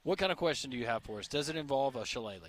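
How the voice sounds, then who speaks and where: A man's voice: mid-range voice, lively intonation, rapid-fire. A man co-hosting a radio talk show, friendly and teasing. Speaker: radio host. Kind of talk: casual sports radio chat.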